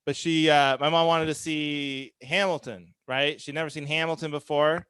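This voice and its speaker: A man in his thirties delivers a stand-up set in a smooth, resonant voice pitched a little above the usual. His humor is dry and self-deprecating, and he slips into quick acted-out quotes. The sound is close and dead, with no room around it. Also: steady tone, a bit bright, no echo. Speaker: stand-up comedian.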